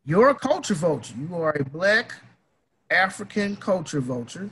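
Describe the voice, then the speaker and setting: A man's voice: high-pitched, very animated, normal speed, bright, forceful tone, a little hiss or hum, rough recording. A man ranting in a casual opinion talk, emphatic, heated and profane.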